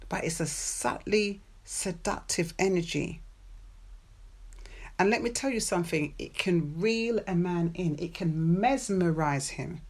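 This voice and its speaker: A woman's voice: lowish voice, expressive, darkish tone, breathy edge. A woman hosting a podcast, giving relationship advice in a playful, chatty monologue with personal stories and frequent laughs. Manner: playful, chatty, laughs often, drawn-out stressed words.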